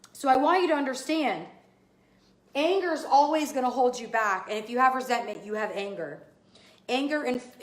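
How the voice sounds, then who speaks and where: A woman with a high, fairly bright voice, a podcast host and business coach, gives an emphatic, fired-up motivational talk, casually cursing as she urges listeners on. It's recorded in a roomy, echoey space.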